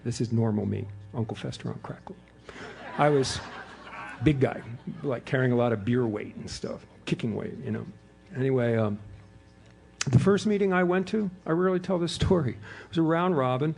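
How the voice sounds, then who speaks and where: A middle-aged man with a gravelly, creaky edge to his voice tells his recovery story to a room of listeners. He talks in a lively, storytelling way and acts out the voices of the people he quotes. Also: mid-range voice. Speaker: AA speaker. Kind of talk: recovery meeting talk, storytelling. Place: hotel meeting room before an audience.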